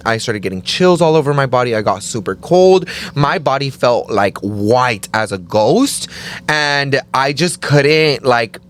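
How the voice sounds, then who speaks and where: A man in casual conversation, telling a story in an animated way, full of "like" and acted-out quotes. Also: unhurried. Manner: animated, acts out quotes in higher voices, says "like" often.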